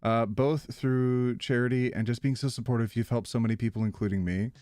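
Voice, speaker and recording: A man's voice: mid-range voice, a little fast, no echo, studio quality. A man live streaming, chatting casually with viewers, reading their messages aloud and laughing often. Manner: animated, reads chat aloud and laughs a lot.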